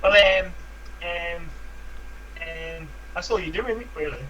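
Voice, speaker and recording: Man, dry understated humor, casual co-host banter, bright tense voice, fairly high. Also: measured pace, a little hiss or hum, poor audio. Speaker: co-host of a vaping live stream. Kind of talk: casual banter on a live stream.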